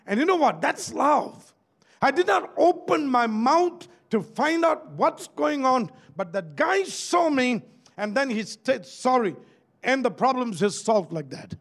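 A man's voice: very high-pitched, sing-song, a little slow, gravelly, a bit bright. A man with a Malaysian English accent preaching a sermon as pastor, calling out to his listeners for amens and asking them questions. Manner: preachy, calls out for amen and asks the crowd questions.

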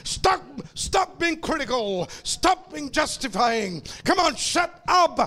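Male preacher, very high pitch, fervent and repetitive, shouts often, calls to the congregation. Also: big pitch swings, slow. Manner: impassioned preaching that swings into shouting; repeats phrases and calls out to the congregation. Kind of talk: sermon.

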